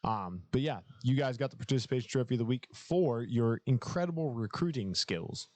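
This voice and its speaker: A man co-hosting a casual podcast in a relaxed, laughing way, easily sidetracked while he searches for things. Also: mid-range voice, fairly quick, dry recording. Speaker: podcast co-host. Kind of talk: casual chat.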